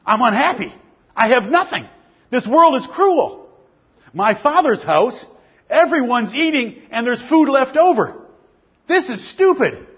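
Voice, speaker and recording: Man playing a despairing young prodigal, higher and pleading, husky edge. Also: very animated, unhurried, in a large hall, lo-fi sound, exaggerated voice. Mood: anguished. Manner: anguished, pleading self-questioning.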